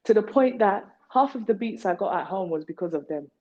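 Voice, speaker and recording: A woman's voice: medium pitch, lively intonation, fairly quick. A woman from Nigeria, an artist being interviewed, talking in a playful, tangential way full of wordplay. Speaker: artist guest. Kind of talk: rambling interview talk. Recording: dull lo-fi recording.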